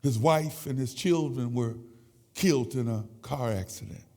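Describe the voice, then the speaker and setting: A man in his sixties giving an emotional, halting sermon testimony in a church sanctuary. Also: medium pitch, darkish tone. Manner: emotional, halting with repeated words. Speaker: church speaker. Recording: echoey church hall.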